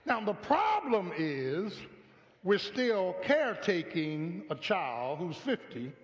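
A man's voice: high voice, huge pitch swings, slow pace. A male pastor preaching a sermon in a church, calling for response from the congregation and repeating his words as he builds. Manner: call-and-response preaching with repeated stammered phrases. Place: church sanctuary. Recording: echoey hall, dull lo-fi sound.

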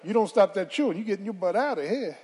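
A woman's voice: mid-range voice, lively intonation, fast, darkish tone, breathy edge. A woman quoting her stern, strict mother scolding a gum-chewing guest.

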